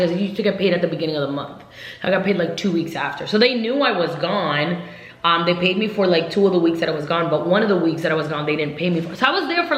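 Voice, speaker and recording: A woman's voice: fairly low pitch, slight background noise. Chatty young woman in an echoey room. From United States. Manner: rambling, filler-heavy, lively retelling. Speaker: vlogger. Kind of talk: casual storytime chat. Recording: roomy echo.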